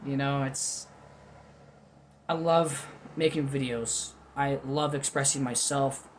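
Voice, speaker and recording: A man with a mid-range, steady voice talks slowly while reviewing food at home, with slight background noise. His casual, unscripted commentary rambles from subject to subject, full of candid, self-deprecating, goofy asides.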